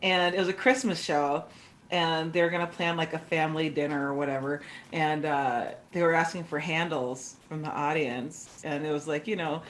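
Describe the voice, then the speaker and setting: A woman panelist with a loud, booming voice, telling a story through laughter in a casual panel discussion. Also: fairly even intonation, moderate pace, a little hiss or hum.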